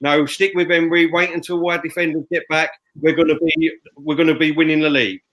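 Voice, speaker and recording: A fuming man who talks loud and hammers his points home as he co-hosts a fan show. His voice sits a little high for a man. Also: level tone, brisk, rough recording. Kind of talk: heated fan podcast rant. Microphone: headphones and studio mic.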